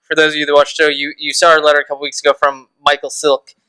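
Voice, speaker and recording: A man co-hosting a casual podcast, telling stories in an easygoing way and chiming in with quick agreement. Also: on the high side, completely flat delivery, sharp tone, smooth, low-quality recording. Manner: easygoing storyteller, short agreeing replies. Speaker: podcast co-host. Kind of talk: casual chat.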